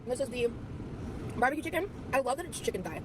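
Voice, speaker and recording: Young woman, vlog clip, quick and chatty, slightly high, tired, noisy background. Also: big pitch swings. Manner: chatty, rambling, lots of fillers. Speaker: vlogger. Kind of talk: casual vlog chat. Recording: vlog audio with clear background noise.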